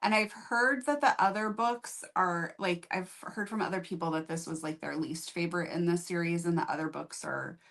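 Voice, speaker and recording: Book-review host, female, chatty and candid, sits low in her range. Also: moderate pace, gravelly, few pauses, fairly bright tone. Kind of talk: casual chat.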